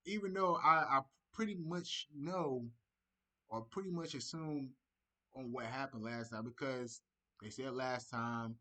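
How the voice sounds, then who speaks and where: A young man reacts to a story with loud, animated, slangy commentary. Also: medium pitch, measured pace. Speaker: reaction video host.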